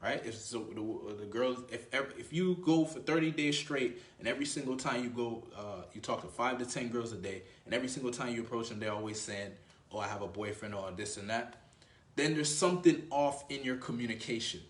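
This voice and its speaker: A man's voice: mid-range voice, a little fast. A man giving dating advice as a coach, talking loosely and profanely, full of "you know" and "right?". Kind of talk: casual talking-head coaching. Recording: echoey room.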